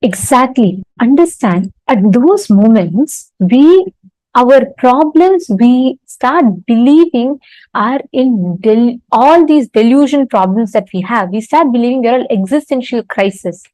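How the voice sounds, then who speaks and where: A woman's voice: on the high side, animated, measured pace, mellow, no echo, poor audio. A woman giving a spiritual talk to an online audience, telling a story with fillers and restarts. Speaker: spiritual teacher.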